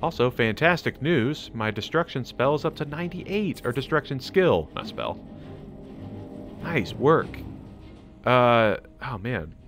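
Excitable American guy narrating gameplay. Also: medium pitch, unhurried, soft background music. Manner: excitable, chatty, laughs a lot. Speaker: gaming channel host. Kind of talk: casual gameplay commentary.

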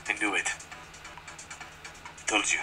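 A man's voice: a little slow, over music. A young man co-hosting a casual game video, teasing his friend with mock-arrogant banter.

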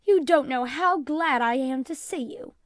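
Reading a storybook aloud, a woman voices a kindly, relieved woman teacher, pitching up above her own natural voice to a high register. She keeps a measured pace. The studio-quality recording has no room sound.

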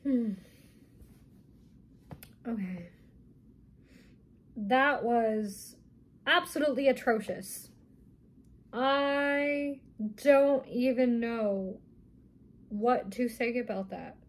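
Woman, high voice, indignant, exasperated, casual commentary. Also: extremely slow, pauses often. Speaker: reaction video host.

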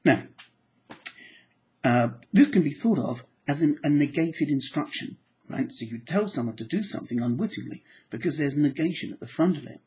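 A man teaching applied psychology to camera, animated and acting out his examples. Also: normal speed, dull audio. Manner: animated, acts out examples with sudden pitch jumps. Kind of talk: lecture to camera.

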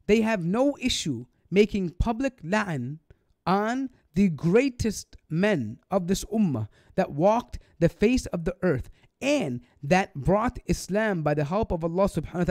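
Man, sarcastic online commentator, indignant, slightly high pitch, dead dry room. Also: darkish tone, no echo. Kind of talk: polemical video commentary.

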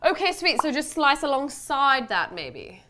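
A woman's voice: high-pitched, very animated, unhurried, sharp tone, a little hiss or hum. A woman co-hosting a cooking show, chatting casually, reading out instructions and laughing often. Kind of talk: casual chat while cooking.

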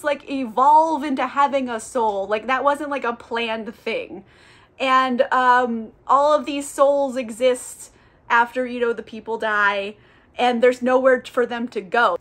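A woman's voice: a little high, a bit bright. A woman giving a casual, irreverent book recap, chatty and full of "like.". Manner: chatty and irreverent, heavy use of "like". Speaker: book reviewer.

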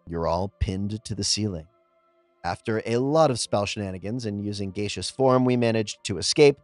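A man reading out reader-submitted tabletop game stories in a scripted narration, expressive, with pauses for comic timing. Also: fairly low pitch, no room sound. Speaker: story narrator.

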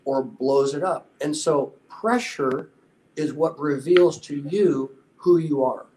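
A man in his sixties, a guest in an interview, telling a story earnestly and with a motivational drive, often dropping to a softer, lower voice when he quotes people. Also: slow pace, a little hiss or hum, rough recording. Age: 60s. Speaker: interview guest, former special warfare instructor. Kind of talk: conversational storytelling.

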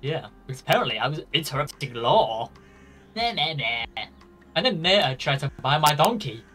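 A playful fellow streamer on voice chat, teasing with mock indignation. The voice sits at an ordinary middle pitch, heard over a voice-chat link. Faint game music plays underneath. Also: sing-song, fairly quick, a bit bright.

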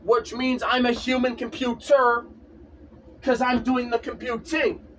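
A man's voice: very high voice, level tone, unhurried, fairly bright tone, recorded from a distance, a little hiss or hum. A man in a casual vlog, ranting insistently and repeating himself over and over. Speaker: vlogger. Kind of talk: casual rant to camera.

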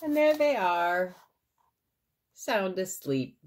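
A woman reads a picture book aloud, slow and unhurried. Her voice rises and falls in a lively way as she points out the pictures. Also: mid-range voice. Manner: warm, explaining the pictures. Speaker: parent reading to her boy. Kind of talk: storybook read-aloud.

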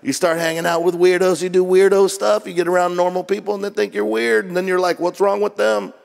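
A man's voice: high voice, level tone, fast, gravelly. A middle-aged man preaching a sermon as pastor, joking and conversational, jet lagged. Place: church auditorium. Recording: long reverb of a church hall.

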